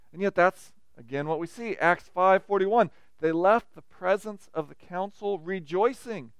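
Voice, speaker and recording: A male preacher delivers a sermon in a high, smooth, resonant voice. He varies his emphasis and keeps asking the listeners questions. The sound is dry and close, with no room echo.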